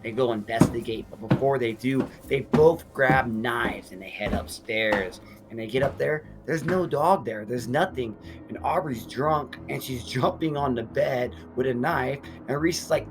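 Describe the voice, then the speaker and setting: A man recaps a gory horror movie scene by scene in a blunt, swearing storytelling style. His voice sits in an ordinary middle pitch, and background music plays clearly behind him. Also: normal speed, hardly any pauses.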